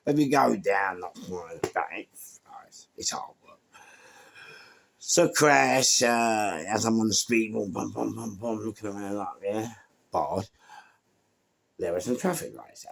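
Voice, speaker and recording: A gravelly, deep-voiced middle-aged man with a London accent talks over a faint hiss or hum. Telling a casual anecdote to camera, this English storyteller brings it to life by playing both sides of each conversation.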